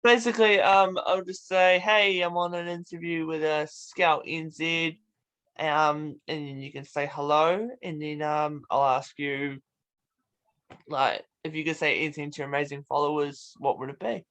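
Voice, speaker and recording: High-voiced young New man hosting. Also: moderate pace, smooth. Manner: easygoing, relaxed, laid-back. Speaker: host. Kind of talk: casual interview chat.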